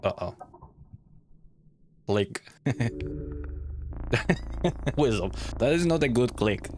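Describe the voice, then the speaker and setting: A young man with a delivery, commentating a game and reading its text aloud, thinking out loud and laughing often. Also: mid-range voice, animated, very slow, pauses often, slight background noise. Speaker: gaming YouTuber. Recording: gravelly voice over faint game ambience.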